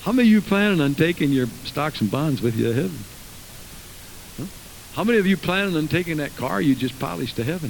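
A man's voice: mid-range voice, low-quality recording. Fervent male preacher, faint hiss. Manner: fervent preaching, many asides and restarts. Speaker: pastor. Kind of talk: sermon. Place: church sanctuary.

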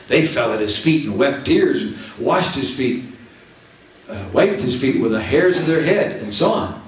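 A man preaching a Pentecostal sermon from the platform to his congregation, fervent and full of emphatic repetition. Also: mid-range voice. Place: church. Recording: very echoey church hall, mic at a distance, faint noise.

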